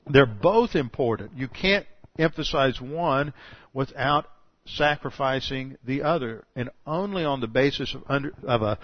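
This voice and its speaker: An older man preaching a sermon, animated and full of rhetorical questions, often restarting his sentences. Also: medium pitch, no echo. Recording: dull lo-fi dry sound.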